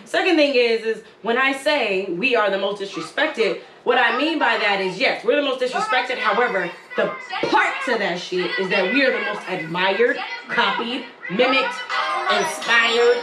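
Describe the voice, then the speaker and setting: A woman's voice: on the high side, animated, moderate pace, over loud music. A woman co-hosting a podcast, talking bluntly and emphatically with plenty of swearing in a heated casual discussion. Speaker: podcast co-host. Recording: echoey room with faint ambience.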